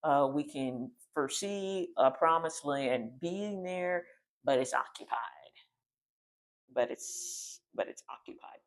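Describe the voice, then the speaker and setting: Man doing uneasy returning scouts, slow and slightly raised. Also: a little high. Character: scouts back from a land, uneasy adult men.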